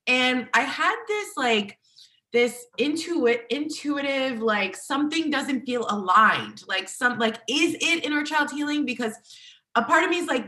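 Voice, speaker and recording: Woman, 30s, solo podcast host, chatty and bubbly, morning voice, bright tone, roomy echo. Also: on the high side, moderate pace. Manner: chatty, bubbly, filler-heavy with "like". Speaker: podcast host and inner child healing coach.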